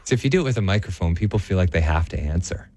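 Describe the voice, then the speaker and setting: A man's voice: sits low, expressive, racing, darkish tone, dry recording. A man co-hosting a radio show, chatting casually and teasing his co-host with dry jokes. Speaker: radio co-host and office reporter.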